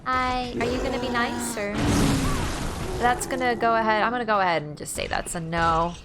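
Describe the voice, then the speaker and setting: A woman streaming a video game, chatting casually, excitable and laughing, swearing freely. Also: fairly high pitch, moderate pace, loud music behind the voice. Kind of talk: casual gameplay commentary.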